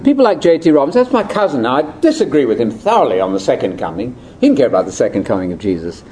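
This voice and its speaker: A man's voice: mid-range voice, sing-song, fast, a little mellow, slight background noise, low-quality recording. An older man giving a chatty, wry, ad-libbed lecture to a conference audience. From Britain. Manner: chatty, wry, with asides and laughs. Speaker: speaker at a religious conference.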